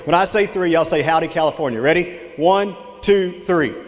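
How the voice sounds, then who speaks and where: A man's voice: on the high side, normal speed. A middle-aged man with a Texan accent gives a folksy motivational talk to a live audience, telling a story and drawing the crowd in with questions. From Texas. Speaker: extension director giving a leadership talk. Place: large hall with live audience. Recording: long hall reverb.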